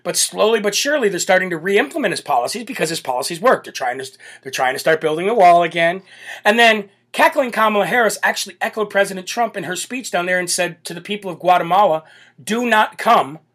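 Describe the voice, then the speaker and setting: A man's voice: high voice, expressive, fast, fairly bright tone. Brash, mocking male political host. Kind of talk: ranting political commentary.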